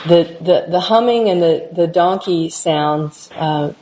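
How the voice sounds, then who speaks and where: A middle-aged woman in an interview, recalling her past in a halting, reflective way with many restarts. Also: lowish voice, dark tone. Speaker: interviewee, mother. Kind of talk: personal recollection interview. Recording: dull lo-fi recording, faint hiss.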